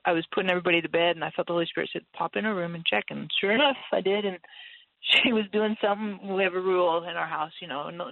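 A woman's voice: lowish voice, creaky, no room sound. Woman over a tinny phone line. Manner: candid, laughs often, acts out her own voice in stories. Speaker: guest. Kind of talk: casual faith conversation.

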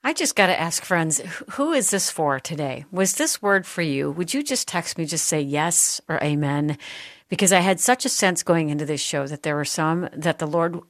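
Deep-voiced heartfelt woman host. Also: animated, moderate pace, no echo, studio quality. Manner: heartfelt, encouraging, speaks straight to listeners. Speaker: talk show host. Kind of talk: faith talk show interview.

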